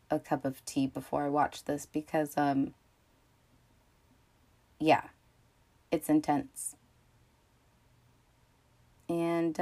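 A woman with a slightly low voice hosts a casual film-review podcast. She rambles, restarts her sentences and leans on fillers, with loose swearing and sudden bursts of excitement. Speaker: podcast host.

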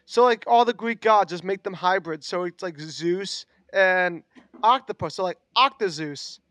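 A man's voice: high voice, a little slow, fairly bright tone. A young man co-hosting a casual chat, joking and laughing often. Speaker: podcast co-host.

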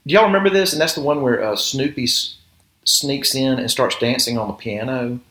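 A man in his fifties hosts a relaxed conversation, recounting scenes and asking questions in a mid-range voice. His voice carries a roomy echo. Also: medium pitch, brisk. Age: 50s. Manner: chatty, asks questions. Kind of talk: casual chat.

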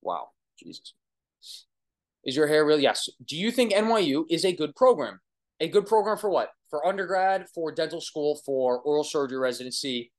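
A man's voice: a little high, normal speed. Chatty young New York man, dude-heavy. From Long Island, New York. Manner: excitable, chatty, says dude and bro, restarts and trails off. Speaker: oral surgery resident answering viewer questions. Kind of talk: casual livestream chat. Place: his apartment. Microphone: phone or webcam livestream.

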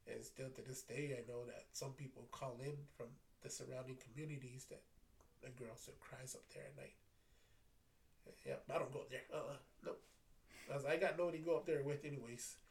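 A man who works night security, telling a story in a casual, animated way, often repeating "I said". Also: mid-range voice, vocal fry. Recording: distant mic with faint background noise.

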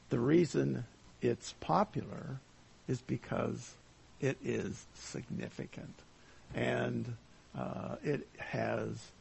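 A man teaching a verse-by-verse Bible lesson, speaking slowly and deliberately with many pauses and fillers. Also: medium pitch, creaky, darkish tone, breathy edge.

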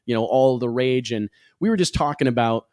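A man's voice: medium pitch, fairly quick, a little mellow, dry recording, studio quality. A man hosting a talk show in casual chat, talking emphatically and firing off rhetorical questions.

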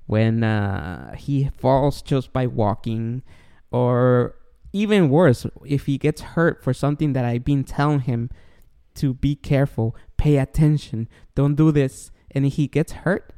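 A man's voice: mid-range voice, slow, warm tone, smooth. A man co-hosting a podcast, chatting casually and acting out his own reactions as he tells a story. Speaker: podcast co-host. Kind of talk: casual chat.

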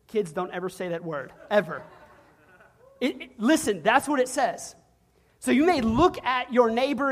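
A pastor preaching a sermon in an animated, humorous storytelling way, acting out little voices along the way. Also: mid-range voice, moderate pace.

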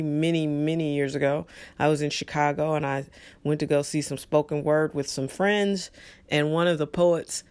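A man's voice: fairly high pitch, smooth. A middle-aged man hosting his own podcast, talking casually and with opinions, using lots of fillers and asides. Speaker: podcast host. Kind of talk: casual solo podcast talk.

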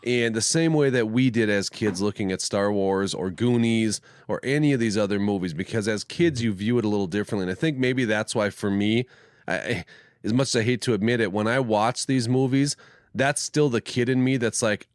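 A man co-hosting a casual tech podcast, talking in an animated, jokey way and dropping into quick voice impressions. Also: fairly low pitch, no room sound, studio quality. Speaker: podcast co-host. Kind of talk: casual chat.

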